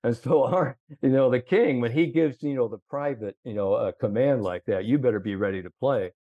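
A man's voice: medium pitch, a little fast, no room sound, narrow, tinny audio. A middle-aged man, a sports psychologist, telling long rambling anecdotes full of fillers and quoted dialogue. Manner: rambling anecdotes with many fillers, quoting others. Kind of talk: casual storytelling.

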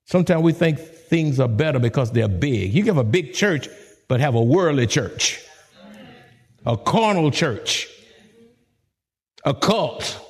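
A man as a pastor preaching a sermon, dramatic, swooping from soft to high. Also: lively intonation, a little slow, long pauses.

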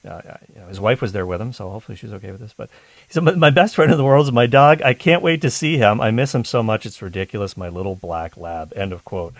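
A man's voice: lowish voice, fast, gravelly, dry recording. A man hosting a talk radio show, chatting enthusiastically between calls. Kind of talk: casual talk radio chat.

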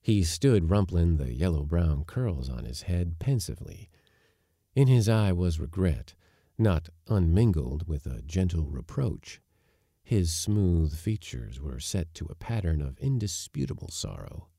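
A man reading a story aloud in an expressive, wry narrating manner. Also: deep voice, measured pace, no room sound, studio quality. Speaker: audiobook narrator.

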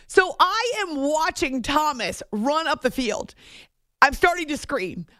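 Chatty sports radio host, higher woman. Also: dry recording, studio quality. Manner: chatty, animated, self-interrupting. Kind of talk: casual on-air storytelling. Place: radio studio. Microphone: studio microphone.

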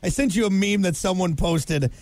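Excitable high-voiced male radio co-host. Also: no echo. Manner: excitable, laughing, quick asides. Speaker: morning radio show co-host. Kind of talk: casual sports chat. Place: radio studio. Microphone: studio mic.

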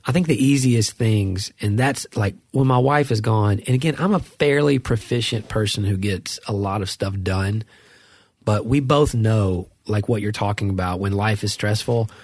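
Man, middle-aged, husky voice, dry close sound, casual rambling chat. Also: on the low side, moderate pace, a little mellow, dry recording. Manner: rambling storyteller, many restarts. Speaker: podcast co-host.

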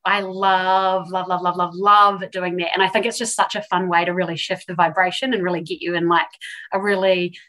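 A woman's voice: fairly low pitch, flat delivery, brisk, fairly bright tone. A woman guest on a podcast, chatting enthusiastically about wellness with lots of fillers. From New Zealand. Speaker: podcast guest, empowerment coach. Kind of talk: casual podcast interview.

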